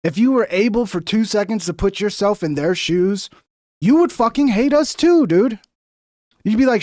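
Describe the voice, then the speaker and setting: Heated and profane, a young streamer rambles through the news as casual political commentary. His high-sitting voice is expressive and darkish in tone, moving at a moderate pace, captured with studio quality and no room sound.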